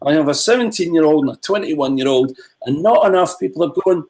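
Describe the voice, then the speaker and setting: A man's voice: fairly high pitch, fast talker, hardly any pauses, rough recording. A middle-aged man on a video call, a filmmaker ranting with passion in a livestream Q&A. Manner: impassioned ranting, animated. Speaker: filmmaker guest.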